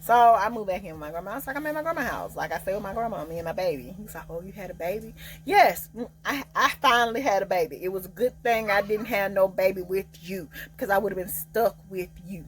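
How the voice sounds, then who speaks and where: A young woman telling a casual storytime, loud and sassy, acting out each quote. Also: quick pace, few pauses, low-quality recording. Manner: animated, acts out quotes with big pitch jumps; loud, sassy, Southern Black vernacular. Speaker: storyteller vlogger.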